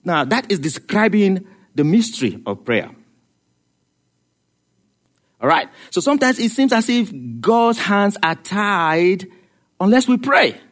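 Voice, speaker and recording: Male preacher, high voice, lively rhetorical sermon delivery. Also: unhurried. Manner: animated, rhetorical, laughs at his own jokes.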